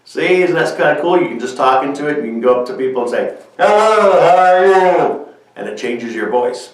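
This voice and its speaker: A man's voice: medium pitch, expressive, fast. Male kids' show host, friendly step-by-step craft demo, recorded far off mic in a very echoey room. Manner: friendly step-by-step explaining with fillers. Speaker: children's music show host. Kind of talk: craft demonstration for kids.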